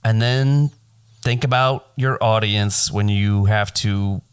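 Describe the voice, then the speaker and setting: A man co-hosting a podcast, telling a story in a laid-back, profane, animated way. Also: on the low side, slow pace, clear, resonant tone. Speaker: podcast co-host. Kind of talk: casual storytelling chat.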